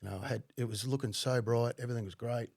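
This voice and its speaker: A middle-aged man, a podcast guest telling his story bluntly, with plenty of swearing and halting fillers. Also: medium pitch, fairly even intonation, gravelly, darkish tone, no room sound, clean studio sound. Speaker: podcast guest, former undercover cop. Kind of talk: casual conversational storytelling.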